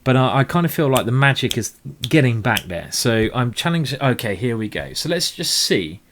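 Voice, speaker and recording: A man's voice: medium pitch, very animated, moderate pace, a bit bright, slight background noise. A man commentating live blitz chess games, rambling and emotional with tipsy asides. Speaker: chess streamer.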